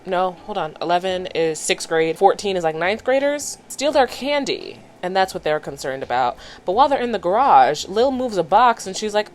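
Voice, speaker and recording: A woman's voice: fairly low pitch, expressive, brisk, hardly any pauses. A woman vlogger casually recapping a cartoon episode with chatty, playful commentary.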